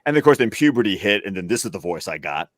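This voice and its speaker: A man's voice: on the low side, big pitch swings, quick pace, dry recording, clean studio sound. A man from the US South chatting casually on a panel, rambling through stories in a trained, neutral stage voice. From Alabama, US South. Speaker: film podcast panelist.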